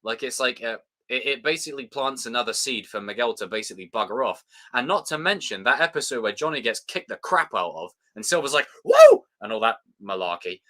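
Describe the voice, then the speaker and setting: A British man hosting a casual live review chat, excitable and sweary, with plenty of fillers. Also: medium pitch, quick pace, hardly any pauses. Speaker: show host.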